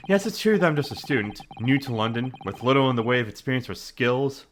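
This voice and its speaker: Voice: medium pitch, animated, fast, slight background noise, close to an everyday voice. A player reading a game's young male law student acting as defense lawyer, earnest and a little stammering. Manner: hesitant, stammering.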